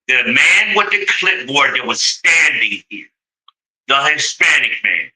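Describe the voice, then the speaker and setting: A man's voice: medium pitch, lively intonation, a little slow, sharp tone, low-quality recording. A man venting to his viewers in a heated story, exasperated and swearing freely, with sudden mocking outbursts.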